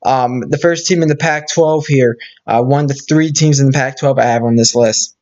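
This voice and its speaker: A man talks through his sports predictions in a loose, rambling way, stopping and restarting often. His pitch sits in the middle. The recording sounds a bit dull and lo-fi. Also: normal speed, a little mellow. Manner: rambling, many fillers and restarts. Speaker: sports video host. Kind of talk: casual sports predictions talk.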